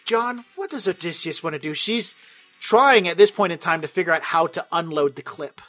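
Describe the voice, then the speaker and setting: A man's voice: a little high, moderate pace, a bit bright, faint music behind. A man running a tabletop game as game master, narrating with a playful, wry manner. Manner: playful and wry, breaks into laughter.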